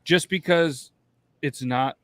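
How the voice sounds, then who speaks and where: A man's voice: a little high, slow pace, a bit bright, no room sound. A man from New York co-hosting a podcast, talking loosely with profane jokes. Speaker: podcast co-host. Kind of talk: casual chat.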